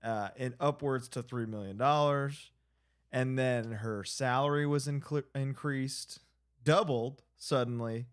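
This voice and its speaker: A man's voice: mid-range voice, steady tone, takes it slowly, clean tone. A young man co-hosting a casual wrestling chat, rambling with frequent restarts. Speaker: co-host.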